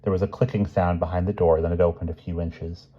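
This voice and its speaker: A man calmly reading a novel chapter aloud. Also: sits low, fast, dull audio. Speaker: reader.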